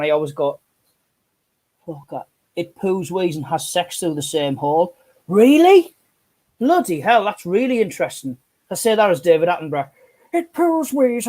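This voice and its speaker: A man's voice: on the high side, a little mellow. A man, chatting and telling sweary stories as co-host of a live stream on an earphone mic. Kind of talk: casual chat.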